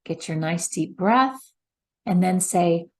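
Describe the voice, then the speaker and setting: A woman's voice: lowish voice, animated, takes it slowly. A middle-aged woman voice coach giving a patient, step-by-step instructional talk. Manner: patient, explains step by step with demonstrations.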